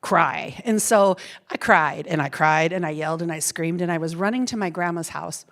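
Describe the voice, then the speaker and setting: A middle-aged woman with a lowish voice speaks to a hall audience at a plenary session. She tells a personal story in a lively, conversational way, often repeating words and laughing softly as she goes. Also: moderate pace. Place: university ballroom.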